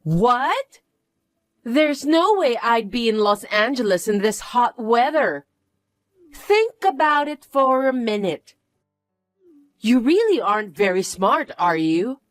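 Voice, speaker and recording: Casting: a woman doing a shrill, boastful young stepsister, lively swoops, slow delivery, dry close sound. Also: dry recording. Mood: scornful. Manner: high, smug and demanding. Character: bratty vain young stepsister, boastful and rude.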